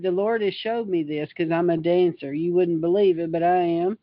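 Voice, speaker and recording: A woman's voice: fairly low pitch, fairly even intonation, normal speed, dry recording, dull audio. A woman preaching an informal livestream sermon, fervent and emphatic, reading scripture and riffing on it. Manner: fervent and emphatic, reads scripture then riffs on it.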